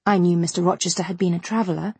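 A woman reading a classic novel aloud in first person with a measured, even delivery. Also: lowish voice, husky, no echo. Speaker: audiobook narrator.

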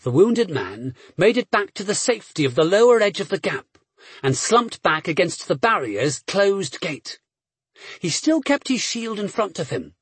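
A man reading an adventure novel aloud as a narrator, measured and steady, with brief voiced dialogue. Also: sits high, husky, no room sound. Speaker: audiobook narrator. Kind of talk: scripted narration.

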